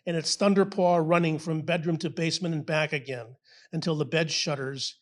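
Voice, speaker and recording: A man reading his own descriptive poem aloud at a poetry event, measured and vivid. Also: on the high side, fairly even intonation. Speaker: local poet.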